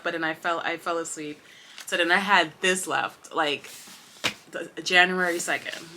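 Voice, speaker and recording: A woman chatting to camera about books she read, rambling with many fillers and restarts, passionate and expressive. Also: mid-range voice, slight background noise. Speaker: booktuber. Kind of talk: casual chat to camera.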